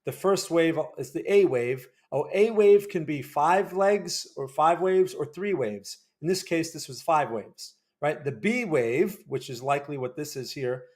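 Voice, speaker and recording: A man's voice: fairly high pitch, lively intonation, a little slow, few pauses, darkish tone. A man hosting a casual livestream, analyzing market charts and answering chat, rambling and correcting himself as he thinks aloud.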